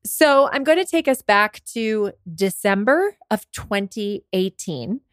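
A podcast host and business coach around forty shares a candid personal story, saying she's worn out and under the weather; her talk turns emotional and full of restarts. Her mid-range voice is expressive and slow, recorded dry with studio quality.

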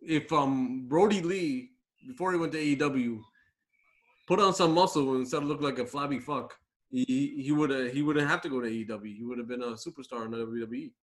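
A man's voice: medium pitch, a little fast. Blunt, foul-mouthed man chatting wrestling. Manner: blunt, swears freely. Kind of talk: casual wrestling chat.

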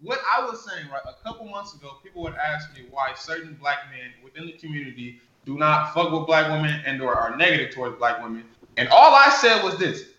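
A nineteen-year-old man chatting as a podcast guest, animated and swearing, rising into loud outbursts. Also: on the high side, fairly quick, echoey room, muffled recording. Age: teens. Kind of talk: casual podcast chat.

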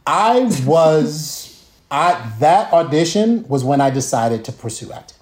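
A man in his fifties, a guest telling lively, profane stories and acting out the people in them. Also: a little high, slow. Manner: lively, profane, quotes people in put-on voices. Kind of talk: casual storytelling. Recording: echoey room.

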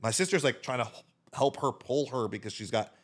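Lively, swearing man telling a story. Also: mid-range voice, fairly quick. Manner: animated, swearing, talks with his hands. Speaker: podcast guest, DJ. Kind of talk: casual storytelling.

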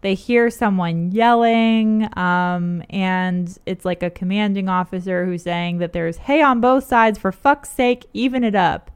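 A woman recaps a book in a casual, chatty way, pausing often to collect her thoughts. Her voice is smooth and clear, at a middle pitch. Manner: chatty, hesitant fillers. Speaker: podcast co-host.

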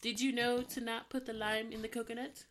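A woman's voice: on the high side, flat delivery, a little fast, a little hiss or hum. A woman chatting in a bubbly, silly way, giggling and asking her dog playful questions. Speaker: pet owner vlogging. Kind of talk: casual chat.

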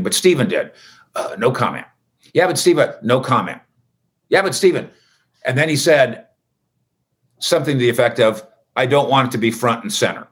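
A man's voice: mid-range voice, a bit bright. A man hosting a casual sports recap, chatty and wisecracking with rambling asides. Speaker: sports reporter host.

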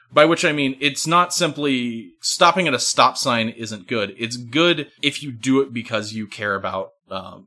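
Bright-voiced man explaining ethics. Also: mid-range voice. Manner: lecturing, hedging with "like" and "right?". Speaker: podcast co-host. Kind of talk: casual analytic discussion.

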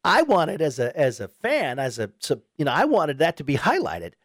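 A man hosting sports talk radio, his voice rising and falling a lot as he chats. He slips into high, excited voices when he plays out what fans say. The sound is close and dry, recorded in a studio. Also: moderate pace, no echo. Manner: animated, quotes imagined fans in raised voice. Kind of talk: casual sports radio chat.

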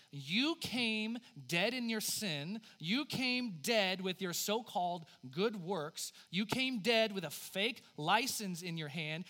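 A man with a high, bright, forceful voice preaches a sermon. He is in his thirties and swings between punchy emphasis and hushed, almost whispered lines. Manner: dynamic preaching, dropping to hushed near-whispers for God's words. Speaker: pastor.

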